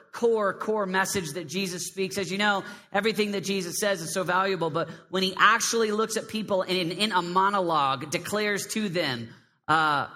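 A man preaching a lively sermon to a young congregation, with a high, squeaky voice, swinging between loud emphasis and hushed prayer. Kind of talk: live sermon to a youth congregation. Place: large hall with a live crowd. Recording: long hall reverb.

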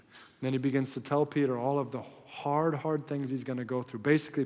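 Preacher with a ringing hall echo. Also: male voice, mid-range voice, steady tone, fairly quick. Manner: storytelling, swinging between loud and hushed. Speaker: pastor. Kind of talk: sermon.

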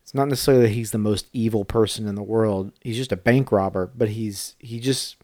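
A man's voice: fairly low pitch, steady tone, fairly quick, darkish tone, dry recording, studio quality. A middle-aged man co-hosting a podcast in casual chat, talkative and tripping over his words now and then. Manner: chatty, trips over words. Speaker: podcast co-host.

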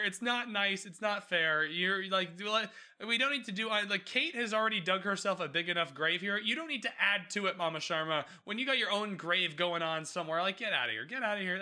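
Chatting casually through a TV episode recap, this podcast host has a high voice. He's animated, swears freely, and acts out the characters' lines.

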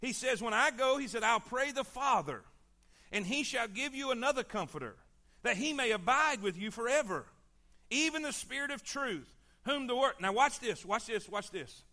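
A man preaches a sermon with a very high, bright voice. He repeats his points emphatically and calls for the congregation to answer. His delivery sounds like a pastor's. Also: animated, normal speed.

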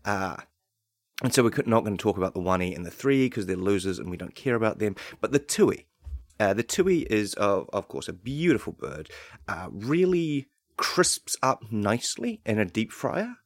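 A young man hosting a comedic podcast, rambling through deadpan absurd asides that turn excitable. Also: lowish voice, normal speed, no room sound. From New Zealand. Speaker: podcast host.

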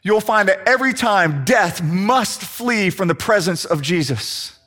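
A man with a high voice preaching a sermon. He delivers it dramatically, slowing down and sinking low to press his points home. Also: animated, bright, forceful tone, soft background music. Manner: dramatic, slows down and drops low for emphasis.

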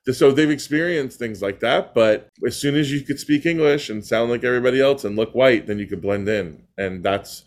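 An American man, a comedian, talking as a podcast guest in casual, animated chat. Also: medium pitch. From United States. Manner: animated, laughing, quick asides.

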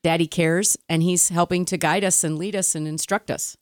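Middle-aged female co-host, reflective and a little hesitant, low-ish voice, dry. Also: fairly even intonation, moderate pace, no echo. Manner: earnest, reflective, a bit hesitant. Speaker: podcast co-host. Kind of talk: casual faith chat.

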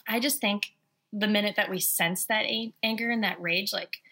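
A woman's voice: mid-range voice, fairly even intonation, normal speed, bright, forceful tone. A woman co-hosting a casual talk show, chatting and quoting scripture conversationally. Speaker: podcast co-host. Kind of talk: casual faith chat.

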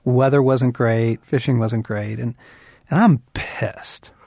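A middle-aged man co-hosting a Christian podcast, talking earnestly and swinging from quiet musing to emphatic bursts. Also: medium pitch, steady tone, takes it slowly, creaky, no echo, studio quality. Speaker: podcast co-host.

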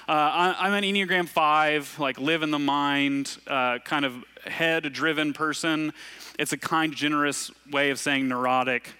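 A man from Arkansas preaches in an easy, conversational way. His voice sits a bit high and sounds bright and forward. He tells stories with self-deprecating asides. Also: steady tone, a little slow, clean tone. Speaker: pastor. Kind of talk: conversational sermon.

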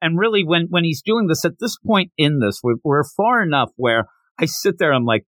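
A man hosting a podcast, chatting casually about a manga chapter and acting out the characters' lines in quick bursts. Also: fairly high pitch, expressive, fairly bright tone, no room sound. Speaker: podcast host.

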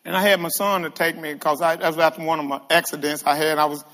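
A man preaching a sermon to a congregation, animated and calling out to the room. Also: on the high side, fast talker, big-room sound. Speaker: guest preacher. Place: church hall with congregation.

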